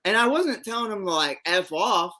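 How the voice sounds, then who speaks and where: Bright-toned laid-back sports co-host man. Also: high voice, lively intonation, normal speed. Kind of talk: casual sports talk.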